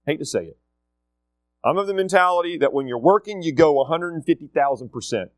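A man's voice: a little high, lively intonation, fairly quick, no echo. A middle-aged man gives a casual, emphatic talk to students, repeating his key points. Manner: emphatic, repeats key phrases, acts out quotes. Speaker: school leader addressing students.

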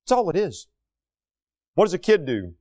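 A man's voice: high voice, huge pitch swings, moderate pace, a little mellow. A man delivering an emphatic, indignant opinion monologue, full of rhetorical questions, as a talk show host.

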